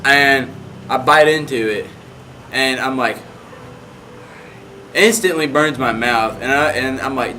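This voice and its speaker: A man's voice: mid-range voice, slow, long pauses, pushed and bright, slight background noise. A young man casually telling a rambling story, full of "like" fillers.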